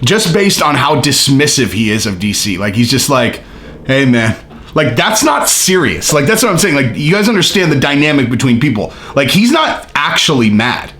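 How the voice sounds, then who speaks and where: A man's voice: medium pitch, big pitch swings, moderate pace, few pauses, fairly bright tone. A man hosting his own channel, talking casually and animatedly, with lots of filler words and swearing. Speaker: host. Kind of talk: casual commentary.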